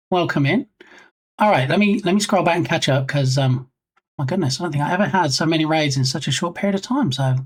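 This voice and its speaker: A British man chatting casually on a live stream, reading chat messages aloud and reacting. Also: on the high side.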